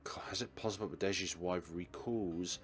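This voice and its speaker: A man's voice: low-pitched, fairly even intonation, normal speed, a little hiss or hum. A man hosting a let's play, reading a visual novel's narration and lines aloud with expression.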